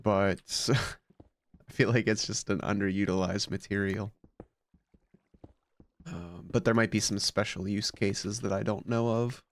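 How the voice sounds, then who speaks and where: A man's voice: fairly low pitch, steady tone, measured pace, long pauses. A man commenting casually on his game as a let's play host, sleepy and just woken up, musing aloud with plenty of fillers.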